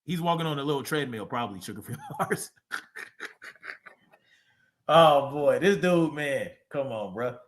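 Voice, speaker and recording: A man's voice: medium pitch, animated, measured pace, long pauses, a little hiss or hum. A man hosting a livestream, reacting to a clip with profane, mocking casual commentary. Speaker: livestream host.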